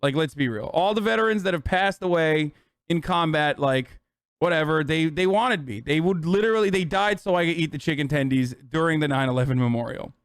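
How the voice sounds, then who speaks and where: A man's voice: fairly high pitch, expressive, brisk, smooth, dry recording, clean studio sound. A man in his thirties telling a rambling, sarcastic, profane story on a casual livestream. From United States. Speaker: streamer.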